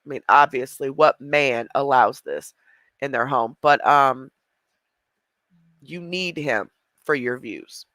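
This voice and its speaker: A woman's voice: rumbling low, slow, pauses often, a bit bright, no room sound. A woman giving blunt, mocking reaction commentary on a livestream.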